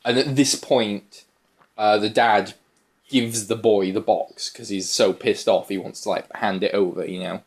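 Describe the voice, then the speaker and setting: A man's voice: on the low side, fairly even intonation, a little slow. A young man from the UK on a film review podcast, animatedly retelling scenes and laughing as he talks. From United Kingdom. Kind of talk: casual chat.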